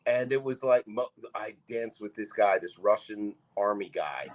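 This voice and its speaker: A man's voice: lowish voice, a little slow, low-quality recording. A man from Canada, a comedian appearing as a podcast guest, who tells rambling comic anecdotes in casual talk. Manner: rambling anecdotes with bursts of laughter.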